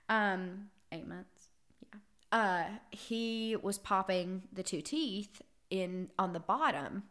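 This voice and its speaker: A woman's voice: medium pitch, a bit bright. A young woman hosting a podcast, telling a personal story in an earnest, emotional way with many fillers and restarts. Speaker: podcast host.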